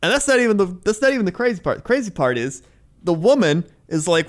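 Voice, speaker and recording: A man's voice: sits high, expressive, fast. A man co-hosting a podcast, telling a story in casual chat, mimicking voices and laughing often. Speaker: podcast co-host.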